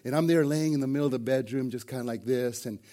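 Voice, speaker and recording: A man's voice: medium pitch, fast, warm tone. A middle-aged man preaching a sermon to his congregation, telling folksy stories with jokes and restarts. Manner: folksy storytelling with jokes, repeated starts and "man". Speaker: pastor. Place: church service before a congregation.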